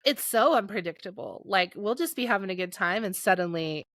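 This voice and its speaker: A woman's voice: medium pitch, lively intonation, brisk, a bit bright, dry recording. A woman in her late thirties co-hosting a podcast, telling stories with lots of laughter and acted-out quotes. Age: late 30s. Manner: storytelling, laughs often, acts out quotes. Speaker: podcast co-host. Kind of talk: casual chat.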